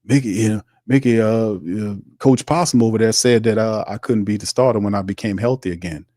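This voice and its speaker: A man's voice: on the low side, brisk, mellow, no echo, clean studio sound, natural voice. A man imitating a hesitant male football quarterback who trails off and stalls with filler words. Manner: hesitant, many "uh" and "you know".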